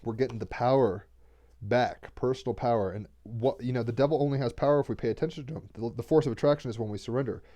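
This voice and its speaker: A man's voice: medium pitch, fast, mellow. A man giving a casual spiritual card reading on a livestream, talking loosely and rambling with slang and restarts. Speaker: tarot card reader and podcast host.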